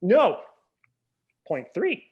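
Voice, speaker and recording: A man chats as a podcast guest, ranting with animated, mock-indignant energy. His voice sits a little high for a man. The sound is dull and lo-fi. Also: extremely slow, breathy edge. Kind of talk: casual podcast chat.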